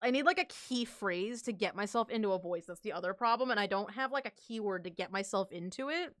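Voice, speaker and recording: A woman's voice: medium pitch, fairly quick, fairly bright tone, no echo, studio quality. A young woman livestreaming, chatting casually with viewers in a giggly, rambling, self-deprecating way. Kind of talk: casual stream chat.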